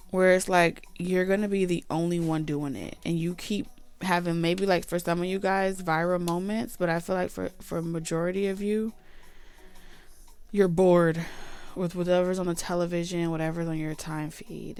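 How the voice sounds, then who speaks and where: A woman's voice: fairly low pitch, a little mellow, clean tone. A woman giving a casual tarot reading, chatty, blunt and profane. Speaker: tarot reader.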